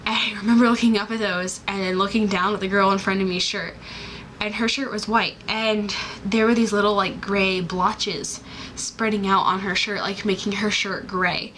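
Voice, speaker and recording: A woman's voice: mid-range voice, fairly even intonation, normal speed, a bit bright, a little hiss or hum, low-quality recording. A young woman vlogging in a bubbly, rambling way, full of fillers and restarts. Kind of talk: casual chatty vlog.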